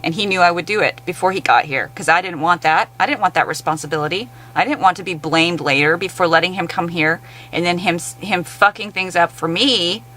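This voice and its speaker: A woman's voice: lowish voice, sharp tone, poor audio. A woman in an angry, blunt, profane rant to camera. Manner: blunt, heavily profane, exasperated.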